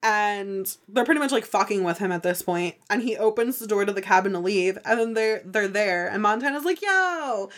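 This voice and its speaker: A woman talking through a TV episode on a podcast, chatty and easily excited. She peppers her talk with "like" and slips into quick impressions of the characters. Her voice sits at an ordinary middle pitch. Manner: chatty and excitable, heavy use of "like", acts out characters' lines. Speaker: podcast host. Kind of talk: casual TV episode recap.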